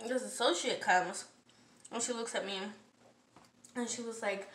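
A woman with a high, bright voice rants through a storytime, swearing constantly and sounding worn out and annoyed. She is a little way off the mic in an echoey kitchen. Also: unhurried, pauses often, recorded from a distance. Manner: heavy profanity, animated, exasperated. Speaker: vlogger. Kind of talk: casual storytime rant. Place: home kitchen, cooking.

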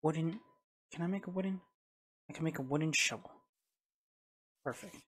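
A man giving casual let's-play commentary as a streamer, reacting loudly to the game at a home streaming mic. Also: a little high, normal speed, breathy edge. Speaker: gaming streamer.

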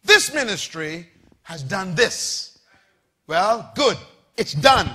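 A male preacher with a very high, ringing voice delivers an emphatic sermon. His pitch swoops widely as he leads call-and-response with the congregation. He spells out key words and climbs to shouted peaks. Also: very animated, slow pace, pauses often, breathy edge.

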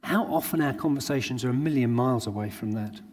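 Husky-voiced man preaching in a hall. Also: medium pitch, fast, darkish tone. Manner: earnest, uses everyday anecdotes. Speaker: conference speaker. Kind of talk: sermon. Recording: long hall reverb.

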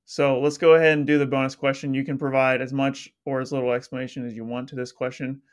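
A man's voice: medium pitch, level tone, fast talker. A man hosting a casual interview, upbeat and chatty with plenty of "like" fillers. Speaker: podcast host.

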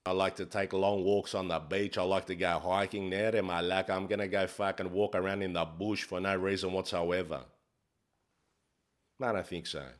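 A man's voice: deep voice, level tone, normal speed, lightly acted. A man playing a brash, crude life coach, swearing in a swaggering, mock-profound comic monologue. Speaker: comedy character host.

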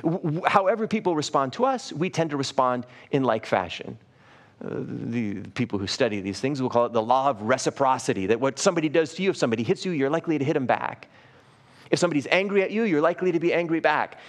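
A man preaching a sermon as pastor of a church live stream. He speaks earnestly, restarts and repeats words often, and slows down and softens on key phrases. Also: medium pitch, lively intonation.

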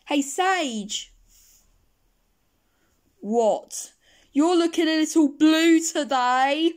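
A woman plays a cheeky penguin who loves sour candy and teases his friends. The voice sits fairly high and moves at an unhurried, drawn-out pace, told like home toy play-acting. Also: expressive. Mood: teasing.

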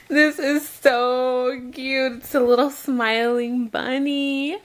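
Gushing, gasping young mom. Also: female voice, sits high, slow, hardly any pauses. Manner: gushing, gasping, repeats "oh my gosh". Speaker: mom unboxing gifts. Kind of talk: excited unboxing vlog.

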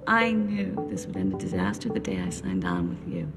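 A woman's voice: extremely low pitch, huge pitch swings, moderate pace, exaggerated voice. An actress playing a tough, exasperated female police team leader in a TV drama, blunt and dry. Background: film score music.

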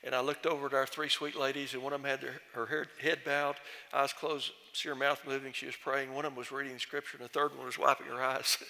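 An older man, a former committee chairman, telling gently humorous stories in a speech at a church celebration. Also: mid-range voice, level tone, quick pace, vocal fry. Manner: folksy, gently humorous storyteller. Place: large church sanctuary. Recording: long church reverb.

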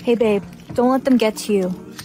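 A text-to-speech woman's voice playing a calm mother and a boyfriend. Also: on the high side, normal speed, soft background music, lightly acted.

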